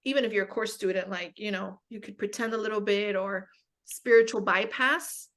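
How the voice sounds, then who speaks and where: A woman's voice: mid-range voice, fairly even intonation, moderate pace, a bit bright. A young woman speaking as a guest in a casual spiritual conversation, telling stories candidly with self-mocking humor and many fillers.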